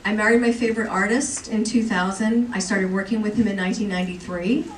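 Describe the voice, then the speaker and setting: A woman's voice: medium pitch, fast talker. A woman presenting and joking with the audience on a convention panel, recorded from the crowd. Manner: lively, joking, chatty with the audience. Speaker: comics editor presenting on a panel. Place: large convention hall. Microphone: recorded from the audience by a far camera. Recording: echoey hall from far off, faint noise.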